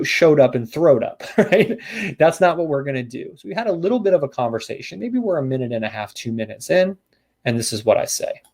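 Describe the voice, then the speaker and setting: Seminar trainer, male, folksy straight talk, coaching agents, middle pitch. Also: darkish tone. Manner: casual, folksy coaching with acted-out door scripts. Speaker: real estate sales trainer.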